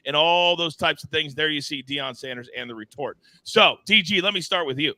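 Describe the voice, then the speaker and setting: A man hosting a live sports betting show, teasing his co-hosts and reading chat in a playful, animated way. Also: a little high, fairly quick, hardly any pauses, no echo. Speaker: host.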